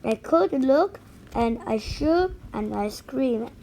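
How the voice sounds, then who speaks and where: High-voiced woman slowly reading a storybook. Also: lively intonation, dark tone, slight background noise, poor audio. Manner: unhurried read-aloud with small slips and restarts. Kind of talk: reading a picture book aloud.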